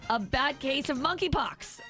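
A woman co-hosting a morning radio show, reading listener texts and trading quick, sassy banter in a radio studio. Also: high-pitched, animated, over music.

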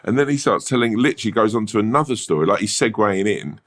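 Deep-voiced male podcast co-host, animated swearing storyteller. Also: moderate pace, few pauses. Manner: animated storyteller, swears freely, laughs often. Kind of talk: casual chat.

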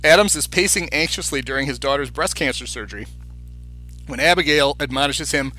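A man's voice: mid-range voice, brisk, sharp tone, soft background music, poor audio. A man co-hosting a casual podcast, chatty and recounting film scenes with enthusiasm. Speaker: podcast co-host.

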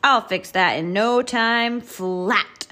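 Pushy roller truck roaring at the kid, read by a lady, slow. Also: high-pitched, huge pitch swings, voice pushed up, heavily acted. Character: big blustering male roller truck.

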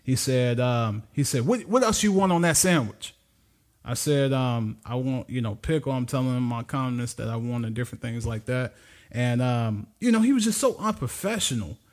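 Speaking at an ordinary speed in a medium pitch, a podcast co-host narrates a story during casual chat. He is lively and laughs often, playing out the people he quotes.

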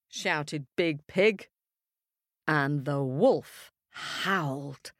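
A woman telling a children's story, playful and animated, making sound effects. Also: low-pitched, slow, no room sound, clean studio sound.

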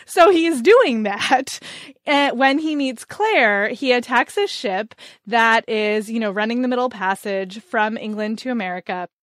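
Woman host, upbeat book chat, voice a touch high, dry close sound. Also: fairly bright tone, no echo. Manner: enthusiastic, quick asides, acts out characters. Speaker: podcast co-host.

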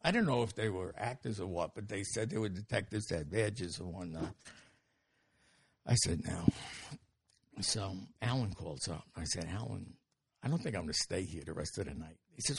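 An older man telling stories as an interview guest, animated and acting out the dialogue with quick restarts. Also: low voice, creaky, husky, no echo. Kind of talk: anecdotal storytelling.

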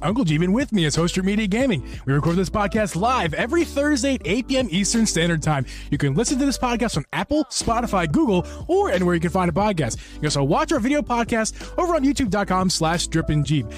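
A high-pitched young man hosts a casual podcast chat, his voice bouncing all over the place as he jokes and teases. He sounds a little out of breath, with faint music playing underneath. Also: very animated, fast, few pauses. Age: young adult. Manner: laughs often, jokey and teasing. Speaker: podcast host.

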